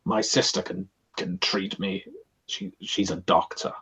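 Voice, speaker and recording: A man's voice: sits low, steady tone, a little slow, bright, forceful tone, breathy edge, full character voice, rough recording. A man voicing a wounded wealthy man who groans and pleads through his pain. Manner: groaning, pleading between screams.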